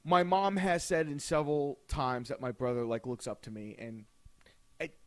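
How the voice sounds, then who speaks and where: A man's voice: mid-range voice, moderate pace. A man co-hosting a podcast who tells a story in casual chat, acting out the scene and laughing often. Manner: animated, acts out the scene, laughs a lot. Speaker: podcast co-host.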